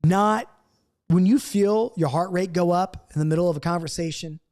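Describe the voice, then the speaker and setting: Middle-aged guy teaching bible study, pretty high voice, earnest, keeps repeating his points like a coach. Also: normal speed, darkish tone. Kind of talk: recorded Bible study lesson.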